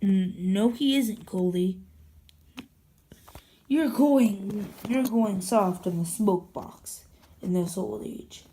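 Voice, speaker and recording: A woman's voice: medium pitch, slow, pauses often, dark tone, a little hiss or hum, natural voice. Woman voicing a skeptical, teasing steam engine. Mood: dismissive. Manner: dismissive, teasing.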